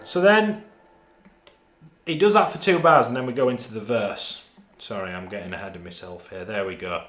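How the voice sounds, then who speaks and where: A man's voice: fairly low pitch, normal speed, a bit bright, roomy sound. A man with a Northern English accent teaching a guitar lesson, counting beats and explaining parts as he plays. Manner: talks through parts while playing, counting beats aloud.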